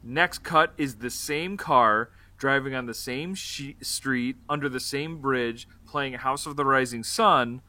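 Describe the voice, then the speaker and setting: A man with a bright, forceful voice runs through a film's plot in loose, casual chat. He rambles along with plenty of fillers and the odd curse word. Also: mid-range voice, takes it slowly, few pauses, no room sound. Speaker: podcast co-host. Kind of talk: casual movie-review chat.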